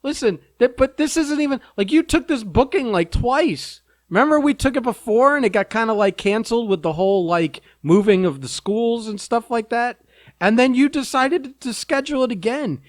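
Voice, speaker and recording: A man's voice: very high-pitched, animated, moderate pace, no room sound. A man hosting a podcast in a teasing, joking way who laughs often. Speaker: podcast host. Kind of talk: casual chat.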